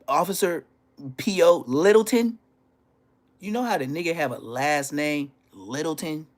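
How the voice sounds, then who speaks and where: Guy on a live stream telling wild school stories, cussing a lot, kinda high voice. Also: a little slow. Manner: animated, profane, laughs while telling stories. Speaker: livestream host. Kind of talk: casual storytelling.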